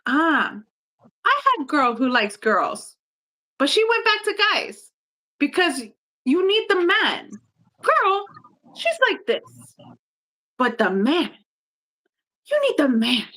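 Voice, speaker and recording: A man's voice: extremely high pitch, huge pitch swings, racing, few pauses, sharp tone, voice pushed up, full character voice, low-quality recording. A woman voicing an odd stranger man who speaks in broken English and asks pushy, persistent questions. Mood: insistent.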